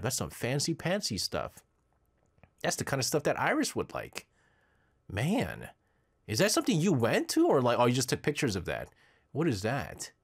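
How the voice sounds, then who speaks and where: A man's voice: medium pitch, husky. Radio host guy reading listener messages, lots of laughs, voice goes up and down a ton. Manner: animated, jokey, laughs often.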